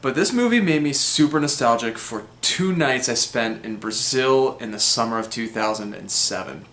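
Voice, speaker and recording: A man's voice: medium pitch, expressive, normal speed, a bit bright. A young man hosting a film vlog, reviewing a classic movie in a rambling, chatty way with many fillers. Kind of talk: casual movie review monologue. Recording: roomy echo.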